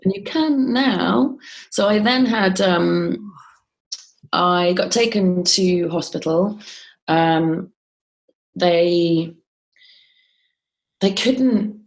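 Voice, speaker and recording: Low, gravelly-voiced woman. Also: very slow, long pauses. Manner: frequent ums and restarts, quoting others as she tells it. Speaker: guest. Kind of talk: conversational interview storytelling.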